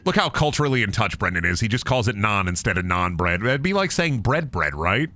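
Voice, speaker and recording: A man streaming a video game, rambling from one silly tangent to the next with plenty of swearing. His voice is bright and forceful and jumps around a lot in pitch. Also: sing-song, a little fast. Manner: rambling, profane, jokey asides. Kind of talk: casual gaming commentary.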